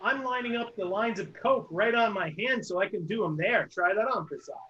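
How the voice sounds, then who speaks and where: High, bright man on a video call. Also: a little fast, breathy edge. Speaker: improv performer. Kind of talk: improv comedy game. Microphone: video call mic. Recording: muffled video call audio.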